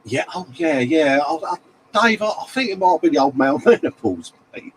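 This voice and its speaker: A man's voice: fairly high pitch, expressive, moderate pace, slight background noise, poor audio. A middle-aged man, hosting a casual live stream and reading out viewer comments in matey banter. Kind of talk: casual chat.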